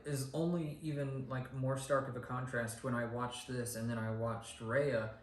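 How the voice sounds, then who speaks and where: A man's voice: mid-range voice, flat delivery, moderate pace. Man reviewing a movie in an echoey room. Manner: rambling, many ums and restarts. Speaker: podcast co-host. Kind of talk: casual movie review chat. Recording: echoey room with faint hiss.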